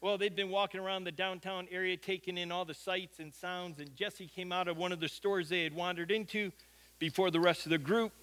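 High, bright-voiced preacher telling a story. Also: male voice, steady tone, brisk. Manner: folksy anecdotal storyteller. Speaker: pastor. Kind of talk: sermon storytelling.

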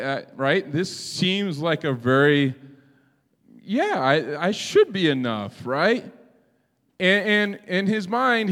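A man preaches a sermon in a relaxed, conversational way, often tagging his points with "right?" to the congregation. His voice sits a little high for a man. A long hall reverb trails after his words. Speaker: pastor.

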